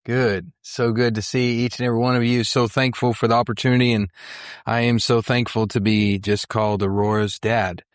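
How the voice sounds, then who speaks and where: A man's voice: medium pitch, flat delivery, normal speed, clear, resonant tone, dry recording. Middle aged guy from oklahoma telling mission stories at church, folksy and earnest, dry close sound. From Western Oklahoma, USA. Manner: folksy, earnest, with fillers and restarts. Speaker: missionary speaker. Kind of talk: church mission presentation, storytelling.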